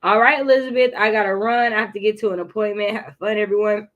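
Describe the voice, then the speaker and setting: A woman hosting a casual writing livestream, chatty and encouraging as she reads viewers' comments and clears her throat now and then. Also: medium pitch, fairly even intonation, fast, fairly bright tone, muffled recording. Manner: occasional throat clearing and coughs. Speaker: livestream host.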